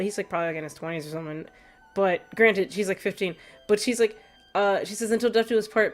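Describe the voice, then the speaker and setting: Chatty woman streamer with faint music. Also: medium pitch. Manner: chatty, laughs often, reads chat aloud. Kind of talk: casual gameplay commentary. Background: faint background music.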